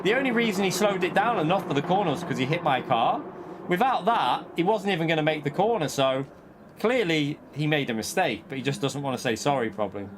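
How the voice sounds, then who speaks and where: A man's voice: on the high side, lively intonation, a little fast. A man streaming a racing game, ranting indignantly at chat between frequent laughs. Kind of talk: live racing game commentary. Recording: noisy with car engine sounds.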